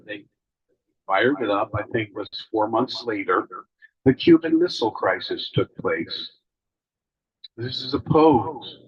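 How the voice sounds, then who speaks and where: A man gives a spiritual talk to a gathering, pausing often as he goes. His voice is husky and a little breathy, and the emotion shows in his words. The recording sounds dull and lo-fi. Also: mid-range voice. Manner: emotional, halting, with long pauses. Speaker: speaker.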